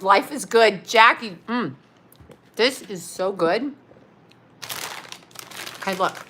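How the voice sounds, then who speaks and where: A woman's voice: mid-range voice, takes it slowly, long pauses, slight background noise. A middle-aged woman vlogging at home, unboxing a care package with lots of laughing and exclamations. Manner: excitable, laughs often, exclaims "oh my God".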